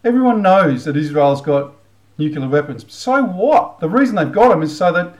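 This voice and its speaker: A man's voice: fairly high pitch, low-quality recording. A middle-aged Australian man hosting a commentary channel, ranting bluntly with casual swearing, then leading a prayer. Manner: blunt, heated, swears freely. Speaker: channel host.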